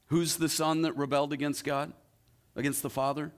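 A male pastor preaching a sermon, retelling a story with rhetorical questions and dramatic pauses. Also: a little high, level tone.

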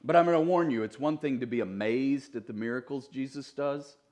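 A pastor preaching a sermon in a church, talking conversationally with joking asides to the congregation. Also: male voice, mid-range voice, fairly quick, a little mellow. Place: church sanctuary.

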